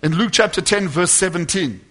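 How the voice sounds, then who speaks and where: A man preaching a sermon, fervent and building to loud exhortation. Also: high voice, normal speed.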